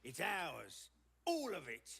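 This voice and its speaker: A woman's voice: low voice, wildly swooping pitch, slow pace, vocal fry, a bit bright, husky, exaggerated voice. An actress playing a greedy, scornful bandit in a video game, taunting her foes. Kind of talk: video game combat dialogue.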